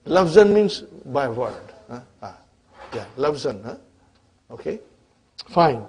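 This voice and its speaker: A man teaching Arabic grammar to a class in English, often stopping to ask whether the students follow, and spelling out grammar terms slowly. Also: medium pitch, big pitch swings, a little mellow. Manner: checks in with students constantly, asking "huh?" and "are you with me?".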